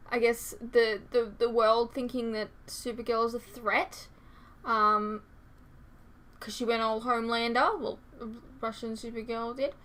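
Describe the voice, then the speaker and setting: A woman's voice: fairly high pitch, bright, forceful tone. A young woman hosting a reaction channel, chatting casually with many fillers and reading out viewer comments.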